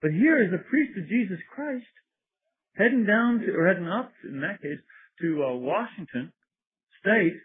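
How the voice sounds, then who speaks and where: A priest tells wry stories in a lecture, often chuckling at his own material. His slightly high voice swings widely in pitch and has a husky edge. The sound is tinny and narrow, like a phone line. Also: lively intonation, normal speed. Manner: wry, storytelling, laughs at his own anecdotes. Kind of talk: sermon-like lecture.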